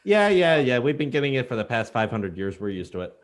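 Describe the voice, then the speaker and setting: A man's voice: medium pitch, quick pace, noisy background. Dry-humored man co-hosting a podcast. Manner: dry, deadpan asides with filler-heavy explanations. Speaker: podcast co-host. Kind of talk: casual chat.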